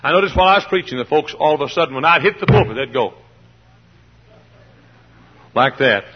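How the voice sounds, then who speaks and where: A man's voice: fairly high pitch, lively intonation, fairly quick, breathy edge, lo-fi sound. A man preaching a sermon with passion, hollering, pounding the pulpit and mimicking voices.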